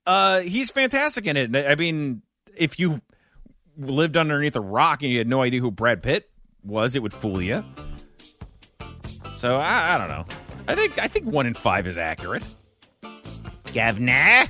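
A man co-hosting a podcast in casual banter, animated and wry, often trailing off and restarting. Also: medium pitch, normal speed, pauses often, faint music behind. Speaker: podcast co-host.

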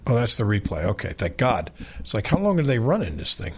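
Radio host, male, gravelly and animated, thinks out loud. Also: fairly low pitch, brisk. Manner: rambling, thinking aloud while searching races. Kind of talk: casual radio chat.

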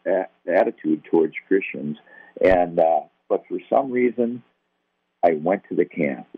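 A deep, husky older man recounts his past in a relaxed, self-deprecating way, jumping into the voices of the people in his story. The sound is thin and phone-like, with no room around it. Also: moderate pace, dry recording. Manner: conversational, self-deprecating, acts out quoted dialogue. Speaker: guest telling his testimony. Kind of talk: personal testimony storytelling. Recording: tinny, phone-like, dry.

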